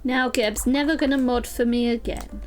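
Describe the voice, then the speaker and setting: A young woman from London with a softened London accent, chatting casually to her live chat while playing a puzzle game. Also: fairly high pitch, steady tone, moderate pace, soft background music, low-quality recording. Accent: London English, softened. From London, England. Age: young adult. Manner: chatty, rambling, talks to chat by name. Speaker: streamer.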